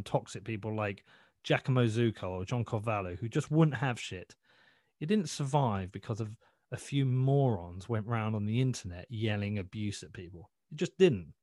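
A man's voice: fairly low pitch, a little mellow, dry recording, clean studio sound. A man talking as a podcast guest in a blunt, sweary, rambling way, often restarting his sentences. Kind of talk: casual interview chat.

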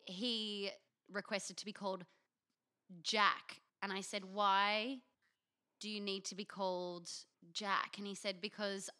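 A woman's voice: mid-range voice, level tone, takes it slowly, bright, forceful tone. A young Australian woman telling a frank, self-mocking story as a podcast co-host. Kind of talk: candid storytelling chat.

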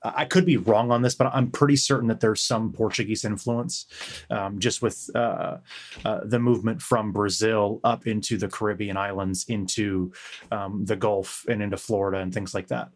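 A deep-pitched man with a Western American accent talks loosely on a podcast. He wanders through his points with plenty of ums and swearing. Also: steady tone, normal speed. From United States. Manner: rambling, full of fillers and profanity. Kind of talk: casual chat.

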